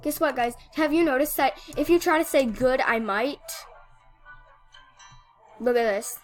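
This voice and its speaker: A woman giving casual commentary over gameplay, rambling and excitable, with lots of "like" and "um". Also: high voice, unhurried, faint music behind. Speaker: gaming video host.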